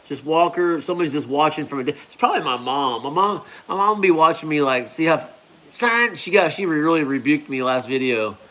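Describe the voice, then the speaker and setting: A man chats casually on a live stream, his voice sitting a little higher than most men's. He rambles in an easygoing way and drops "man" and "bro" into his sentences as he reads viewer comments. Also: expressive, brisk, sharp tone. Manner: laid-back, rambling, peppers talk with "man" and "bro". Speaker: hot pepper grower hosting a live stream.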